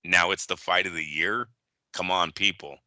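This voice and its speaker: Male co-host for a boxing chat, bright forceful tone, dry close sound, lively storyteller who swears. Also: low-pitched, moderate pace, no echo. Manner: animated storyteller, mimics people, swears freely. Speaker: podcast co-host. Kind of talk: casual chat.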